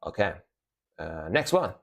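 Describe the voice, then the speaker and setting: A man's voice: low-pitched, big pitch swings, a little slow, creaky. A man streaming music reactions in easygoing casual chat, repeating himself and leaning on "you know". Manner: laid-back, loose, repeats words and adds "you know".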